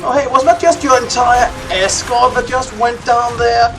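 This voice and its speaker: A man's voice: extremely high pitch, little pitch movement, moderate pace, few pauses, bright, forceful tone. A man doing casual, sarcastic commentary while playing a game, mocking the enemy. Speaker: let's play host. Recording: game music behind the voice.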